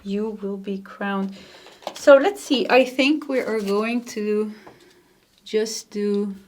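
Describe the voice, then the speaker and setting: A woman with a Nordic accent giving a tarot card reading to camera, soft-spoken and gentle, laughing lightly now and then. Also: medium pitch, slow. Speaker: tarot reader.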